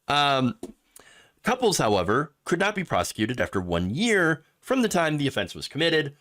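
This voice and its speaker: A man from Michigan hosting casual political commentary, talking in a sarcastic, animated way with frequent chuckles. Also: a little high, moderate pace.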